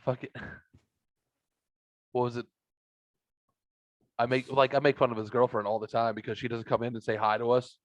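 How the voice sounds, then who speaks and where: A man's voice: mid-range voice, level tone, normal speed, long pauses, no echo, muffled recording. A man hosting a podcast, telling a long story in casual chat and swearing a lot. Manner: profane, rambling storyteller. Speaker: podcast host.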